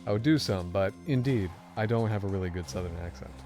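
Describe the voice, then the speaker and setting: Low-voiced man rambling over game music. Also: fast talker, darkish tone. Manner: rambling, playful, teasing. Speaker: let's play co-host. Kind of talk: casual chat over gameplay.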